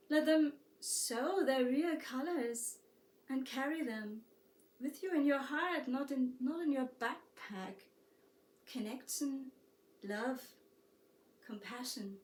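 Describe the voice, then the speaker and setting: A woman acting out a kind, wise little girl with a German accent, lifted high and unhurried. She speaks softly and calmly, gently patient. The voice sits at a distance in an echoey room. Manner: soft, slow and calm. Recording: roomy echo, distant mic.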